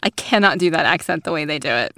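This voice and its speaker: A woman's voice: sits low, lively intonation, fast talker, gravelly, bright, forceful tone, no echo. A woman co-hosting a podcast in casual chat, dry and amused, laughing easily. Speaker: podcast co-host.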